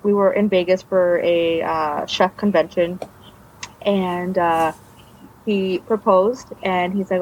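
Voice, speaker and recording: A woman's voice: on the low side, steady tone, unhurried, slight background noise. A woman guest telling her personal story in a casual interview, meandering with trailing restarts. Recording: dull lo-fi recording.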